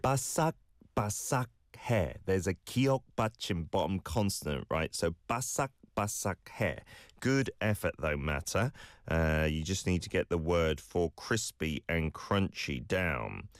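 A man's voice: sits low, expressive, normal speed, no room sound, clean studio sound. A man hosting a language lesson, patiently giving encouraging feedback on listener clips.

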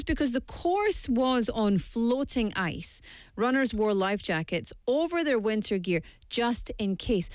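A woman's voice: fairly high pitch, dry recording. A woman radio host reading a news item in a chatty way, adding joking asides as she goes. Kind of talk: casual news segment. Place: radio studio.

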